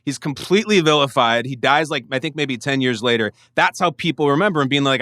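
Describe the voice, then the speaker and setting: A man talking in an animated, joking way on a podcast, often swearing. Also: medium pitch, a little fast, no room sound, clean studio sound. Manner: animated, profane, jokey. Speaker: podcast guest. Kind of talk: casual chat.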